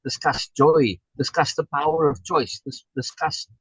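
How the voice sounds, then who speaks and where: A man's voice: a little high, measured pace, a bit bright, husky, no room sound, poor audio. A man coaching someone over a video call, emphatic and repeating key words for stress. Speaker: life coach.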